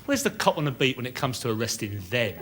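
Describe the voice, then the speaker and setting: A man's voice: mid-range voice, very animated, quick pace. A man performing a sardonic, rambling stand-up comedy routine, in a noisy old recording. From Britain. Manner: sardonic, rambling, chatty asides.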